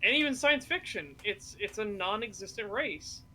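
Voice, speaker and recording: A man co-hosting a casual stream chat, excitable and swearing freely. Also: high-pitched, normal speed, slight background noise, low-quality recording. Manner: excitable, swears freely, laughs while retelling. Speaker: stream co-host.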